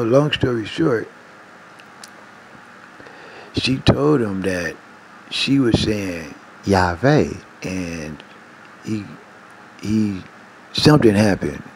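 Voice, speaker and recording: Low, gravelly man telling a rambling testimony. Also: a little hiss or hum, poor audio. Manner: meandering, self-correcting, repeats "long story short". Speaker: spiritual storyteller. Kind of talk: rambling personal spiritual testimony.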